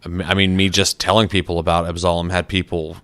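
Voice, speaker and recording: A man's voice: deep voice, level tone, quick pace, fairly bright tone, dry recording. A man hosting a gaming podcast, chatting casually with frequent swearing and fillers. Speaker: podcast host.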